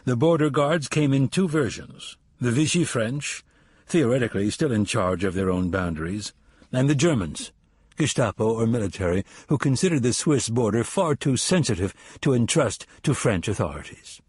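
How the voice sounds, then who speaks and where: Husky guy narrating an audiobook, steady and even, dry close sound. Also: mid-range voice, moderate pace, dry recording. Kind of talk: scripted narration.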